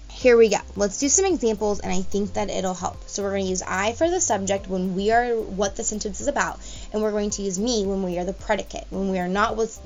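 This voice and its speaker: A woman teaching a grammar lesson to young students, patient and explanatory, slowing down to spell out example sentences. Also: mid-range voice. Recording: dull lo-fi recording with faint music.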